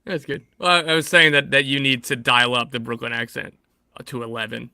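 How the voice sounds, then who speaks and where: A young man co-hosts a casual live stream, his very bright voice dipping into a gravelly fry. He jokes and laughs easily. The sound is dry and close. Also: medium pitch, level tone, a little fast, dry recording. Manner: laughing, joking. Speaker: podcast co-host.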